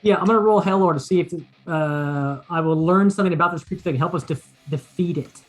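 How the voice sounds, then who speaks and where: A player at a tabletop game who talks through each move haltingly, restarting and filling gaps as they think. Soft guitar music sits faintly underneath. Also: medium pitch. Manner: halting, thinks aloud with fillers. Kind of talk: casual tabletop play chat.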